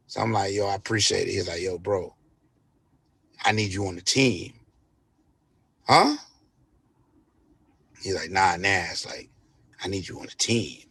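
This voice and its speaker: A man's voice: lowish voice, a little slow, vocal fry, pauses often, a bit bright, husky, no echo. A man, a DJ, telling a story casually in an interview, laid-back and profane, acting out what others said. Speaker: DJ guest.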